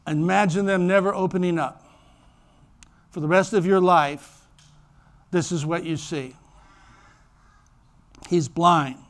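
A high-voiced pastor preaches a sermon in church, speaking slowly and pausing often. He tells stories animatedly and acts out the voices of the people in them.

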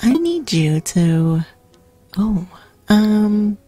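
A woman's voice: mid-range voice, sing-song, very slow, over music. A woman hosting her own channel, chatting casually and giggling while she plays a video game. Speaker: gaming channel host.

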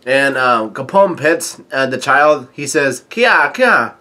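A man casually reading a comic aloud with his own comments, halting and full of fillers, chuckling at the story. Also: medium pitch, pushed and bright.

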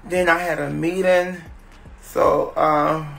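A man rambles into his phone on a casual livestream, drawn-out and halting with lots of fillers. His voice has a gravelly fry and a bright, tense tone. Faint music plays underneath. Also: fairly high pitch, flat delivery. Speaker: live streamer.

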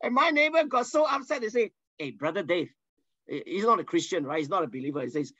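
Animated man preaching a sermon. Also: sits high, fast talker, dry recording, dull audio. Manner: animated storyteller, asks the listeners questions. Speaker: pastor teaching a Bible lesson. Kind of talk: sermon teaching.

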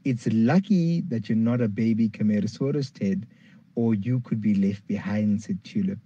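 A man reading a children's dinosaur story aloud, lively, jumping up high for the characters' lines. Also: normal speed, muffled recording, a little hiss or hum.

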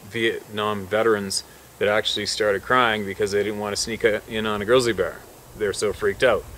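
Excited swearing hunting guide telling stories. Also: male voice, fairly low pitch, slight background noise. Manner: animated, swearing, repeats himself. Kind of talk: excited outdoor storytelling.

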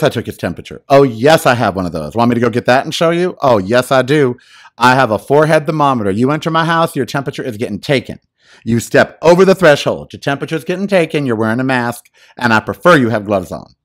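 A man hosting a podcast, giving a casual, animated and theatrical monologue into a microphone at home. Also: mid-range voice. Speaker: podcast host. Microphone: studio microphone.

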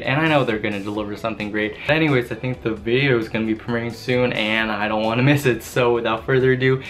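A young-sounding man hosting a music video reaction, talking casually and gushing with excitement. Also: on the low side. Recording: loud song playing behind. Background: loud music.

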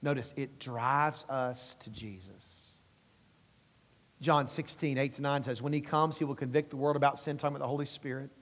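A man's voice: medium pitch, steady tone, moderate pace, a bit bright, big-room sound. A man preaching a sermon as pastor, emphatic and rising at times, acting out quotes.

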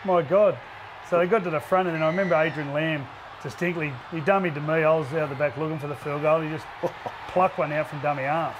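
Excitable Australian man, slightly high voice. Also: a little fast, background noise. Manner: excitable, reminiscing. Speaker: panel co-host, former player. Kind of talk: casual sports chat.

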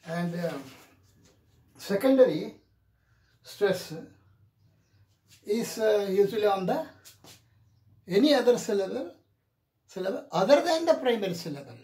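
A man teaching an English pronunciation lesson in a deliberate way, repeating each example word several times. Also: sits high, mellow. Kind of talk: classroom lecture on pronunciation. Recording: echoey room.

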